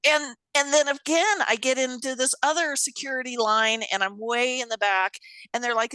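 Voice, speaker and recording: A woman telling a story in an animated way, swearing casually and acting out the voices of people she quotes. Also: high voice, moderate pace, smooth, no echo. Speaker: guest.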